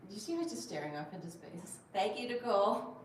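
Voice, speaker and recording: Female livestream host, relaxed and chatty, reads comments aloud; sits back from the mic in a boomy room. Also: fast talker, a little hiss or hum. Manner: chatty, reads viewer comments aloud and coos at her cat. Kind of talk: casual livestream chat. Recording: very echoey room, distant mic, faint ambience.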